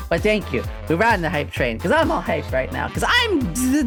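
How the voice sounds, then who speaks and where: Young woman streamer, casual and giggly, very lively pitch, faint music underneath. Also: moderate pace, hardly any pauses. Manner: excitable, giggly, swinging between squeals and low mutters. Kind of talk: casual live-stream chat.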